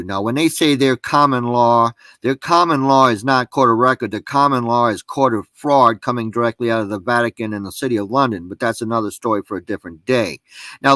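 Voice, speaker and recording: Mężczyzna w rozmowie panelowej, który z naciskiem i jak wykładowca tłumaczy sprawy prawne, wyliczając punkty po kolei. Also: male voice, mid-range voice, sharp tone, no echo. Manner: emphatic, lecturing, spells out points in lists. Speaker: panel speaker explaining law. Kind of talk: casual explanatory talk.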